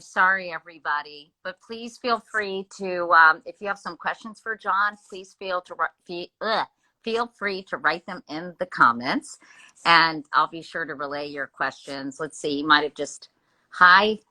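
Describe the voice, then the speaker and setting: A woman hosting a casual live-streamed interview, chatty and quick to apologize for interrupting. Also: low-pitched, bright, forceful tone, rough recording. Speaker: host. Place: home room with Christmas tree.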